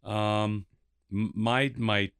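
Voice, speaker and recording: A man with a low, smooth and resonant voice talks easily about his songwriting as a guest on a radio show. He sounds thoughtful and modest, and the recording is dry and close. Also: steady tone, drawn-out words, a bit bright, no room sound. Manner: easygoing, thoughtful, self-deprecating. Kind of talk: casual interview chat.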